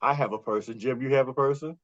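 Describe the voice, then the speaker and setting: A man with a New York accent, a podcast co-host being interviewed, telling stories in a lively way and laughing often. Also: mid-range voice, fast talker, dry recording, highs cut off. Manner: animated storyteller, laughs often. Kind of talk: casual interview chat.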